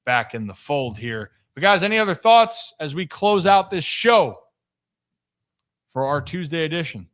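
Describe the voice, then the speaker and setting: A man hosting a casual sports talk show, his voice bright and forward. He is upbeat and playful, and he drifts easily into stories for his co-hosts. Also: fairly high pitch, animated, a little slow, no echo, clean studio sound. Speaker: host.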